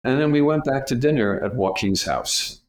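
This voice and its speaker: A man's voice: mid-range voice, expressive, normal speed. An older man, a retired casting director, tells anecdotes in an interview and acts out the voices of people he quotes. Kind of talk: storytelling interview.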